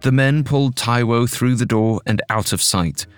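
A man narrating a scripted audio drama in a measured, dramatic way. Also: mid-range voice, clean tone, no echo, faint music behind.

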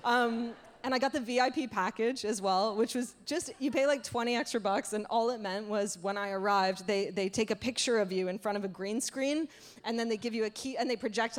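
Woman comic with a slightly high voice, animated self-deprecating storyteller, frequent restarts. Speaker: stand-up comedian. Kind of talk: stand-up comedy storytelling. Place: stage.

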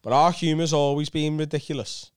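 A man's voice: a little high, fairly even intonation, smooth, dry recording, studio quality. A young British man, a podcast guest, telling funny stories in casual banter. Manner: storytelling, quick banter with laughs. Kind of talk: casual comedic chat.

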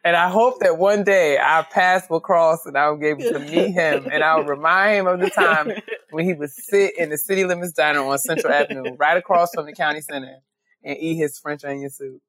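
A woman from the United States co-hosting a podcast, chatting casually and telling stories with quick asides. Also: low voice, a bit bright, no room sound. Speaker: podcast co-host. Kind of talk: casual chat.

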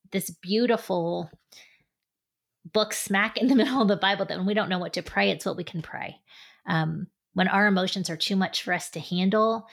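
Middle-aged woman sharing her faith story, chatty and earnest, a bit of vocal fry. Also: mid-range voice. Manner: earnest, conversational, frequent "like" and "right?". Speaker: author and speaker. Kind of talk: personal faith testimony.

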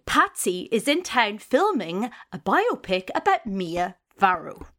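A woman's voice: medium pitch, very animated, takes it slowly, sharp tone. A woman co-hosting a comedy podcast, playfully narrating a story. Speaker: podcast co-host. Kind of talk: casual comic chat.

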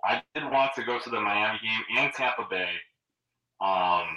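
A middle-aged man talks casually as a show guest, pausing often with ums and restarting his sentences. His low voice has a bright, forceful edge. He sounds set back from the mic in a roomy space. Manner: hesitant, many ums and restarts. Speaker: guest super fan. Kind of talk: casual chat. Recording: roomy echo, distant from the mic.

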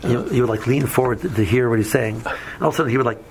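A man's voice: medium pitch, racing, creaky, a little hiss or hum, poor audio. A man giving a casual Torah lesson, telling stories with many fillers and mixing in Hebrew and Yiddish terms. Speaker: yeshiva teacher.

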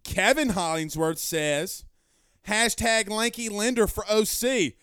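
Loud, passionate sports show host man. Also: high voice, slow pace, clear, resonant tone, no room sound, studio quality. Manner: loud, passionate, blunt and profane. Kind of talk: live-stream chat reading.

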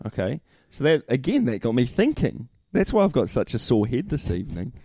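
A man's voice: medium pitch, big pitch swings, fairly quick, warm tone, slightly rough, no echo, studio quality. A man co-hosting a casual rugby chat, laid-back and matey, calling his friend "mate". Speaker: podcast co-host.

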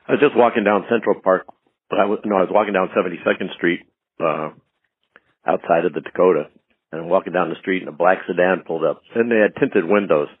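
A man being interviewed as a guest, telling stories in an animated way and acting out quoted lines in a raised voice. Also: deep voice, quick pace, breathy edge, no echo. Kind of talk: anecdotal storytelling. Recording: tinny phone-line audio.

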